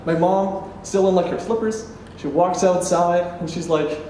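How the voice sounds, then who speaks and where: A man performing a true story live on stage, animated, acting out the other people's lines and laughing as he tells it. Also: high-pitched, measured pace. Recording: echoey room, mic at a distance, faint background noise.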